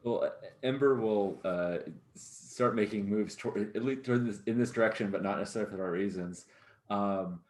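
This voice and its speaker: Brief: tabletop player, very low voice, halting delivery, echoey room. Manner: halting, many restarts, playful. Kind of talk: in-character tabletop play.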